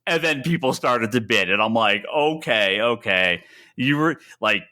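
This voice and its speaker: A man co-hosting a podcast tells a story with animated energy, his voice swinging widely in pitch. His tone is bright, and he often restarts his sentences. The talk is loose and casual. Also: moderate pace. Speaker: podcast co-host. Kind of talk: casual chat.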